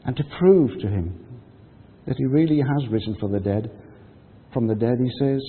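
A man preaches a sermon, retelling the story in an easy, chatty way and acting out the voices in it. His voice is slightly husky. It echoes with a long hall reverb through a thin, phone-like line. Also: mid-range voice, animated, moderate pace. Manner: conversational storytelling, acts out quotes.

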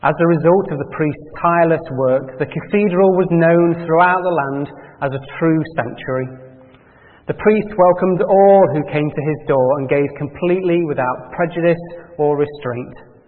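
A man reading a parable aloud in a measured storytelling way, then asking quiet reflective questions. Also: on the high side. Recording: tinny phone-like sound in a reverberant hall.

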